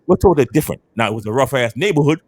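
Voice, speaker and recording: A man from Antigua with a West Indian accent, telling animated stories in a casual podcast chat and often repeating himself. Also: medium pitch, rapid-fire. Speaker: podcast panel guest.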